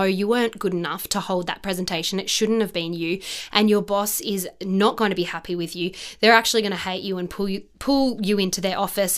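A woman's voice: medium pitch, a bit bright. A woman hosting a podcast, talking casually and earnestly about self-worth and acting out quoted self-talk. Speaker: podcast host. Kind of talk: casual motivational monologue.

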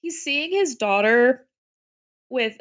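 A woman co-hosting a casual book discussion podcast, animated and acting out characters' lines. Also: high voice, slow pace. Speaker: podcast co-host.

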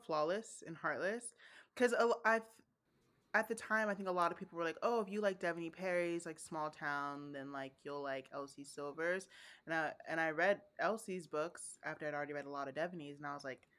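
A woman's voice: deep voice, brisk, fairly bright tone. A woman co-hosting a casual podcast, musing in a laid-back way and trailing off mid-thought. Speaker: podcast co-host. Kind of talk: casual chat.

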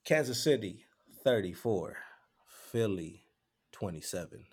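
A man's voice: lowish voice, lively intonation, a little slow, breathy edge. A man co-hosting a podcast, bantering casually with a friend and calling him bro. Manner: laid-back banter, calls people bro. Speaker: podcast co-host. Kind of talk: casual chat.

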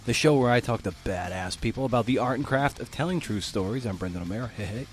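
A man's voice: mid-range voice, fast, faint music behind. A man hosting his own podcast, talking in a loose, chatty way with slang and self-deprecating asides, now and then stumbling over his words. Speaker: podcast host. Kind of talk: casual podcast monologue.

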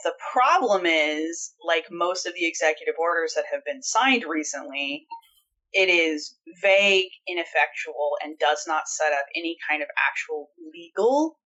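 A woman with a bright, forceful voice talks through the issue in a casual podcast chat. She is blunt and opinionated, with a sarcastic edge, and her pitch sits a little low. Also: lively intonation, moderate pace, highs cut off. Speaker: podcast co-host. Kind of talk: casual political discussion.

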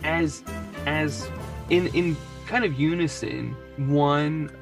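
A man runs a tabletop game with a gravelly, fry-heavy voice, wandering and chuckling as he narrates. Faint music plays underneath. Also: on the high side, slow. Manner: rambling, laughing often. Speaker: game master.

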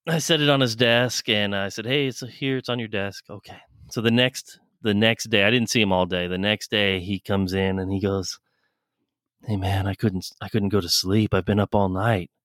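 Male podcast co-host, lower voice, loose rambling anecdotes, dry mic. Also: fairly even intonation, moderate pace, a bit bright, dry recording. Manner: rambling, laughs often, swears. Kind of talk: casual storytelling chat.

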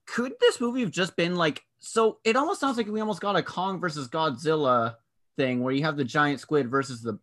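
Bright-voiced man in casual chat. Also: on the high side, fairly quick. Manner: rambling, playful, does goofy impressions. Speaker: podcast co-host.

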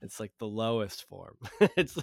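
A man's voice: lowish voice, big pitch swings, a little slow, gravelly, dry recording, studio quality. A man co-hosting a comedy podcast, chatting casually, rambling and joking. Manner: jokey, rambling, does mocking voices. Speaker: podcast co-host.

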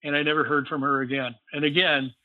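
A man's voice: on the high side, little pitch movement, quick pace, dry recording. A man, a guest, casually telling a long story in a rambling way, filled with "you know.". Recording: phone-like line, dry.

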